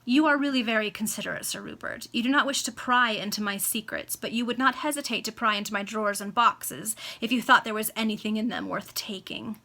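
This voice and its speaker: A woman's voice: fairly high pitch, brisk, vocal fry, hardly any pauses, pushed and bright. A woman reading aloud the part of a scornful aristocratic lady mocking her husband, in an amateur read-aloud of a classic novel. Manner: cool, mocking.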